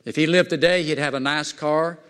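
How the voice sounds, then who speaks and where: A man preaching a sermon in a fervent, folksy way, swinging between loud excitement and quiet asides. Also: fairly high pitch, fairly quick, smooth. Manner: folksy plain-spoken preaching. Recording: long hall reverb.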